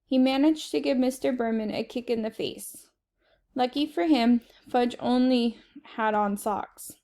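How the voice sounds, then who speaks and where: A woman reading a children's chapter book aloud in steady first-person narration. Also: fairly high pitch, a little slow. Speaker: reader.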